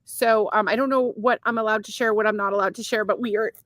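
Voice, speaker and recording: A woman's voice: medium pitch, fairly even intonation, fast, a bit bright, dry recording. A woman co-hosting a casual podcast, laughing often and swearing freely while she reads out viewer comments. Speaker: podcast co-host.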